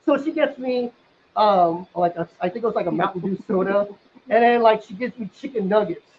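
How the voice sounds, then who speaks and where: A man telling a crude comic story casually, rambling with lots of fillers and bursting into loud excited outbursts. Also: sits high, brisk, slight background noise. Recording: dull lo-fi sound.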